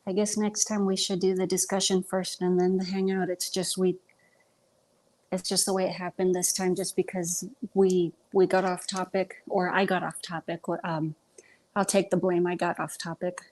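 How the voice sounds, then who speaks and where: A woman's voice: lowish voice, level tone, normal speed, darkish tone. A woman hosting a live film discussion in a casual chat, talking hesitantly with lots of ums and self-corrections.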